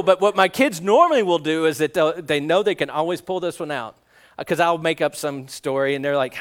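A middle-aged man preaching a sermon in a relaxed, conversational way, cracking jokes and asking the kids questions. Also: on the high side, brisk. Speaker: guest preacher.

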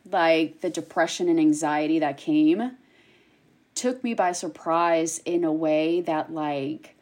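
A woman speaking candidly and emotionally in a conversation, with many fillers. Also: lowish voice. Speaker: guest, cancer survivor.

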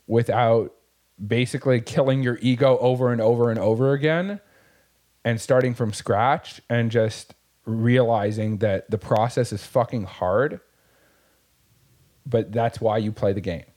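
A man's voice: mid-range voice, a little slow, warm tone. A man in casual chat, talking in a profane, impassioned, motivational way about growth through hard times. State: tearing up.

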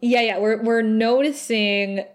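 A woman co-hosting a casual recap podcast, animated and laughing often as she retells scenes. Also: on the high side, takes it slowly. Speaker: podcast co-host.

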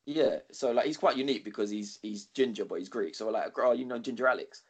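A man, co-hosting a podcast, telling a rambling, sweary story with animated quoting. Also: mid-range voice, quick pace, slightly rough. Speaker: podcast co-host. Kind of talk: casual storytelling chat.

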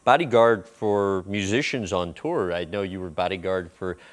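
A man with a very deep voice conducting an interview. He speaks in a measured way, recapping his guest's past before asking each question.

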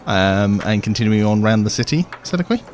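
A man narrating as game master of a tabletop game, describing scenes in a relaxed, meandering way with frequent restarts. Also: lowish voice, brisk.

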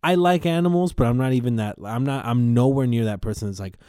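A man hosting a podcast, telling a story in a rambling, profane, animated way. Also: mid-range voice, fast talker, no echo, studio quality. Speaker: podcast host.

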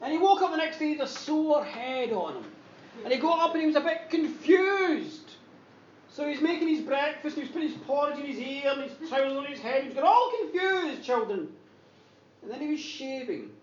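A Scottish woman telling a comic horror story in an animated, dramatic way, often laughing. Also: high voice, a little fast. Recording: echoey distant dull recording, noisy.

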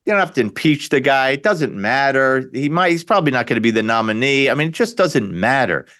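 Animated sarcastic talk radio host. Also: male voice, mid-range voice, a little fast. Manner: animated, sarcastic, repeats himself and restarts. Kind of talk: opinionated political monologue.

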